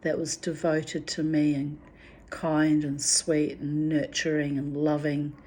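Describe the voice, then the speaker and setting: A woman's voice: low voice, monotone, slow pace, a little mellow, a little hiss or hum. A middle-aged woman recounting personal memories in a candid, rambling way. She talks frankly, swears freely and restarts her sentences often. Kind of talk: candid spoken reflection.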